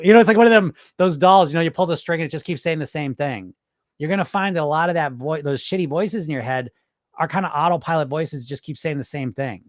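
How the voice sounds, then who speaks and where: A man's voice: on the high side, fast talker, no echo, clean studio sound. A man hosting a podcast as a hypnotist, talking casually and bluntly to his live chat, swearing and firing off rhetorical questions. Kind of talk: casual live-stream talk answering chat comments.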